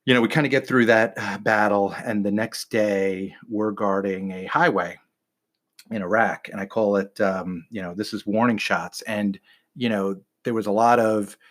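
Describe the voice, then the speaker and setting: A man in his fifties casually telling stories from his army days on a podcast, relaxed and full of fillers, acting out the dialogue. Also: on the low side, normal speed. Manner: relaxed, many fillers, acts out quoted dialogue. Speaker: podcast co-host, veteran telling war stories. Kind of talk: casual storytelling conversation.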